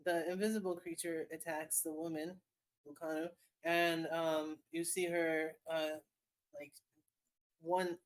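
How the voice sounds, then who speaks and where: A woman running a tabletop game, her voice sitting a touch low as she rambles through the scene. She circles back on herself often, stringing description along. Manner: rambling, lots of fillers and restarts. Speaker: game master.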